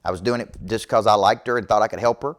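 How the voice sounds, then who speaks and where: Talking fast in a fairly low voice with fairly even intonation, a middle-aged man delivers a motivational business talk. As a business coach, he is emphatic and preachy, checking in with the audience by repeating "okay?"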